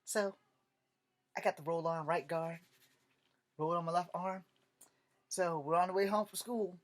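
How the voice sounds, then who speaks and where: A man telling comic stories straight to camera in an animated, joking way, with a lot of cursing. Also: high-pitched, a little slow. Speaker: vlogger. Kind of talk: comedic storytelling rant.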